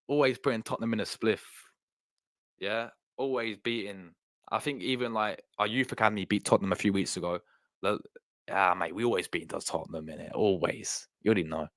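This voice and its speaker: A young man hosts a casual live stream in a slightly low voice. He rambles, restarts and repeats himself while he answers his chat. The sound is dry and close. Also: fairly quick, a bit bright, no echo.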